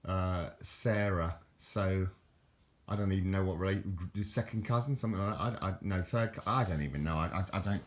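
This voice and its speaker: A man's voice: sits low, normal speed. An older man from southern England with a southern English accent, rambling and chuckling as he chats to camera, repeating words and restarting sentences. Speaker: vlogger. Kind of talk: rambling casual chat to camera.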